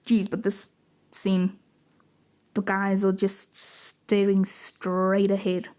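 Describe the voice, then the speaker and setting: A woman's voice: mid-range voice, completely flat delivery, slow, a little mellow. Giggly woman reading comics aloud. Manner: giggly, chatty, self-mocking asides. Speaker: comic book reader. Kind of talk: casual read-along with commentary.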